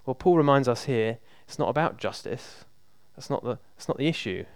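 Preacher with a smooth, resonant voice. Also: male voice, medium pitch, animated, brisk, a little mellow, no echo. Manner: conversational, emphatic, repeats for emphasis. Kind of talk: sermon.

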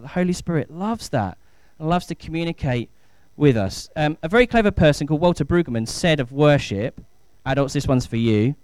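A man's voice: on the high side, a little mellow, smooth, no echo. A man in his thirties, a pastor giving a chatty, enthusiastic family talk in church. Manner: chatty, enthusiastic, rising to emphatic.

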